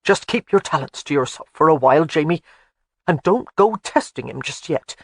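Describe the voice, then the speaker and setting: A narrator voicing a blustering, fond old Highland man in an audiobook, blunt and scolding. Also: lively intonation, moderate pace, dry recording, studio quality. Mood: coaxing. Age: older. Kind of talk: audiobook character voice.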